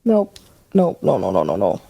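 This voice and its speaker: Young woman, podcast co-host; lively pitch, gravelly fry; scared reactions, casual chat. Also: normal speed, no echo.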